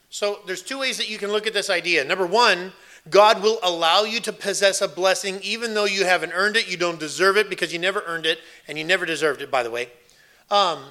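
Bright-voiced man preaching a sermon. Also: fairly high pitch. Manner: earnest, emphatic preaching with repeated phrases. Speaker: pastor.

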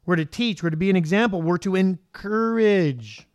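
A man who is a father, preaching as a pastor in an animated style, peppering the congregation with rhetorical questions. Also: high voice, normal speed, clear, resonant tone. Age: adult father. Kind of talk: sermon.

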